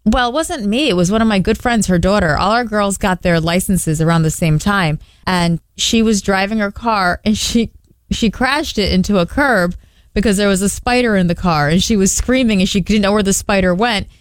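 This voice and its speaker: A woman's voice: mid-range voice, normal speed, smooth, no room sound. Playful female co-host, forties, chatty radio banter, dry studio mic. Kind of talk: casual radio chat.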